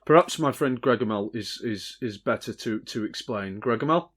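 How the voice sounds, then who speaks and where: A man playing a tabletop role-playing game, talking in character in a formal, halting way. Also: medium pitch, a bit bright, slightly rough. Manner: formal, halting, many restarts. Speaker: player.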